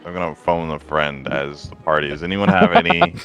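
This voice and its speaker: A man's voice: extremely low pitch, wildly swooping pitch, fairly quick, vocal fry, a bit bright, faint music behind. Rambling man at a tabletop game. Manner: rambling, hesitant. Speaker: player.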